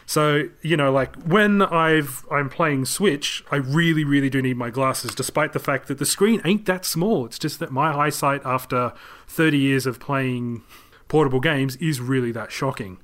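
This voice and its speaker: A man's voice: a little high, a bit bright. A man in his thirties, co-hosting a podcast in a rambling, self-mocking casual chat and laughing easily. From Australia. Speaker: podcast co-host.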